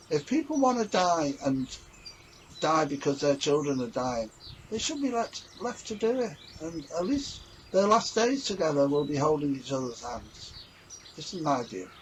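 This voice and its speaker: A man's voice: on the high side, slight background noise, low-quality recording. A man talking earnestly and a little ramblingly in a casual reflective vlog. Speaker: vlogger.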